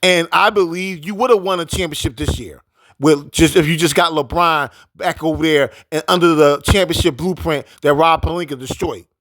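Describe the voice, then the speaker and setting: A man's voice: fairly high pitch, fairly bright tone, no echo. A man giving a casual, heated sports opinion rant. He repeats his points with emphasis. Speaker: sports commentator.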